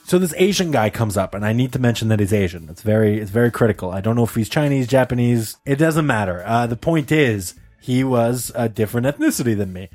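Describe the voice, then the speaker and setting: A man on a podcast telling a story in casual chat, animated and swearing, laughing often. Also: medium pitch, fast talker, hardly any pauses, faint music behind. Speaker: podcast co-host.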